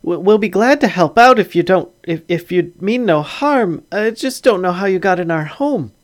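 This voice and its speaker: A man's voice: high-pitched, expressive, normal speed, pitched above the performer's own voice. A man voicing a flustered, polite halfling father who stammers nervously. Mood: bewildered. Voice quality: stammering, fussy.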